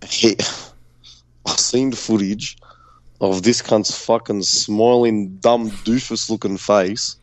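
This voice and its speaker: An Australian man co-hosting a podcast, telling a story in animated, profane, casual banter. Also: fairly low pitch, slow, no room sound. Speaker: podcast co-host.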